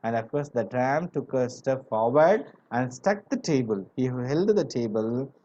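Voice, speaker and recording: A man's voice: medium pitch, expressive, measured pace, mellow, muffled recording. A man teaching a story, explaining lines to students with repeated fillers and note dictation. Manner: repetitive, explanatory, frequent "you know" fillers. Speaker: English teacher. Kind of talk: classroom lecture explaining a story.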